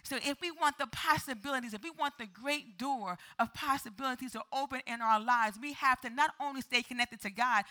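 Woman preacher, high bright voice, dramatic call-and-response sermon. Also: fairly quick, hardly any pauses.

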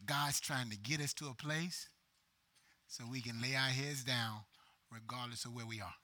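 A man preaching a sermon as pastor, dropping to whispers and building to loud climaxes. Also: mid-range voice, steady tone, normal speed.

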